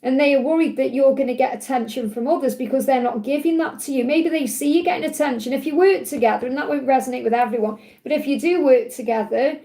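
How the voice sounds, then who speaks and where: A woman with a croaky voice giving a live tarot reading in a soothing, reassuring way. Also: sits high, quick pace, few pauses, warm tone. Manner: soothing, reassuring, repeats key phrases. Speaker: tarot reader.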